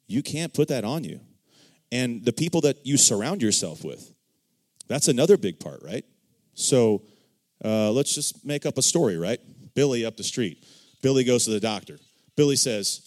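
A man sharing his own testimony in a casual church discussion, animated and acting out the dialogue he quotes, often checking in with "right?". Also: mid-range voice, normal speed.

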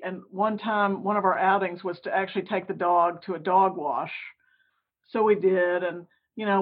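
A soft-spoken woman mentor with a raspy, breathy voice. She talks thoughtfully and with some hesitation, and the sound is thin and phone-like. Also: lowish voice. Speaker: youth mentor. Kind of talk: casual storytelling. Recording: tinny phone-like line.

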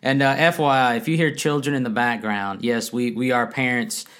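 A man in his thirties co-hosting a casual faith-based marriage talk at home, animated and laughing often as he acts out quotes. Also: medium pitch, normal speed, clean tone. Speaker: podcast co-host. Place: home room, kids nearby.

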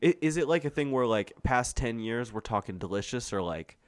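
A man co-hosting a podcast, telling stories in animated, slangy, profane banter. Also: medium pitch, a little fast. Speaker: podcast co-host.

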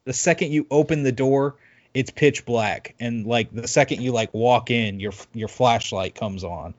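A man recapping a video game in casual chat, rambling and halting with lots of fillers and restarts. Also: mid-range voice, muffled recording.

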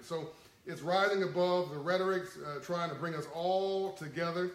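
A man hosting a livestream in a casual, animated and folksy way, chuckling as he talks to his viewers. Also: high-pitched, brisk, reverberant, rough recording. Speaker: livestream host.

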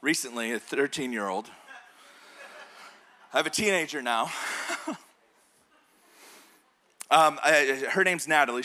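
A man in his thirties, a pastor preaching a sermon through a personal story, told in an animated way with laughs. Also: medium pitch.

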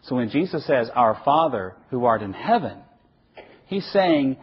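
A middle-aged man gives an animated, emphatic sermon lecture, asking questions and then answering them himself. His mid-range voice is unhurried with a breathy edge, captured in a dull lo-fi recording.

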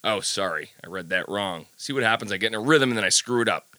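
A man's voice: lowish voice, lively intonation, fast talker, sharp tone, no echo, clean studio sound. A man hosting his podcast, chatting casually, cracking jokes and reading sponsor spots. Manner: chatty, jokey, self-deprecating. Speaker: podcast host. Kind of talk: casual podcast monologue with ad reads.

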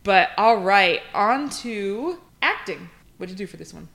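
A woman's voice: medium pitch, lively intonation, measured pace, creaky, fairly bright tone. A woman co-hosting a casual movie review chat, recapping the plot and laughing often. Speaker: podcast co-host.

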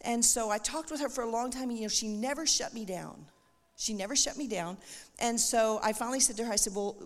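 A middle-aged woman giving an animated church testimony, acting out the voices of the people she quotes. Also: a little high, brisk. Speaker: missionary speaker. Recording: echoey hall with long reverb.

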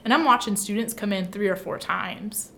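A woman's voice: mid-range voice, normal speed, creaky, a little hiss or hum. A young woman from the Midwest telling a personal story in casual chat, talking chattily with lots of fillers. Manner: chatty, lots of "like", animated retelling.

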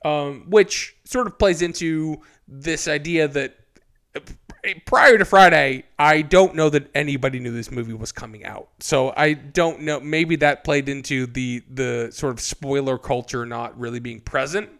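A man's voice: a little high, a bit bright. A man in his thirties co-hosting a podcast, chatting casually and joking around. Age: 30s. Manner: jokey, quick banter with playful put-on voices. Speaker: podcast co-host. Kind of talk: casual chat.

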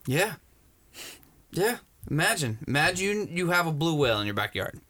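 A man co-hosting a podcast, excitable and crude with loud jokes. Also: a little high, normal speed. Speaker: podcast co-host. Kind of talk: casual podcast chat.

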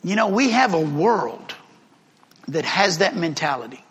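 A man's voice: fairly high pitch, sing-song, measured pace, a bit bright, husky. A man teaching a Bible class in a conversational way, throwing rhetorical questions at the class. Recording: reverberant room recording.

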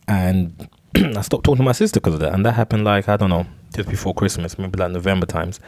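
A man's voice: low-pitched, fast, a little mellow, no echo. A young man telling a long, rambling story alone on his podcast. He stumbles over and repeats words and swears freely. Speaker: podcast host.

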